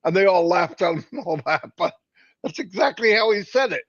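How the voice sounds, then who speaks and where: A man's voice: high-pitched, expressive, a little fast. A man co-hosting a casual live stream, rambling and joking with many fillers and restarts. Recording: dull lo-fi stream audio.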